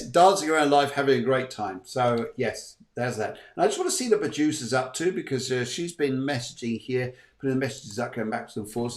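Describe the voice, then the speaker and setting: Chatty playful man in an echoey room. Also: mid-range voice. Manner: chatty, playful, thanks viewers as he reads messages. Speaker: show host and medium. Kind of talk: live online chat show.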